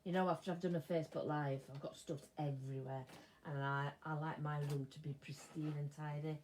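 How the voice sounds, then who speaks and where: An older woman chatting casually as she sews, talking to herself and dropping into soft mutters. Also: low-pitched, fairly even intonation, fairly quick. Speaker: sewing vlogger. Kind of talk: casual chat while sewing. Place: home sewing room. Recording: clear sewing machine noise behind.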